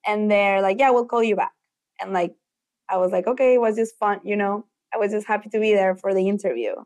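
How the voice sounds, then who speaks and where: A young woman from Mexico who speaks Spanish natively, a guest telling stories in a casual interview, animated and acting out the quotes. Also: medium pitch, brisk. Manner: animated, acts out quotes, filler "like". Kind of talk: casual storytelling in conversation.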